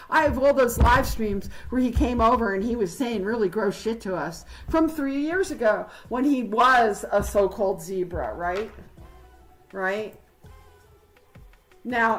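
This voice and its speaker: A woman's voice: on the high side, fairly bright tone, poor audio. A woman hosting a livestream, ranting heatedly and confrontationally, rambling with fillers. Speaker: livestream host.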